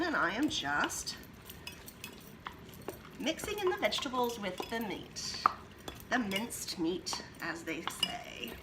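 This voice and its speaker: With background noise behind her, a woman at medium pitch hosts a home cooking demo, talking her way through every step as she works in the kitchen.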